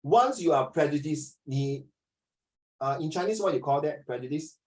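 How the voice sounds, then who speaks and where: A man's voice: on the high side, animated, moderate pace, darkish tone, rough recording. A Singaporean man teaching a class, chatty, slipping Chinese into his English and acting out little dialogues. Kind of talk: classroom lesson.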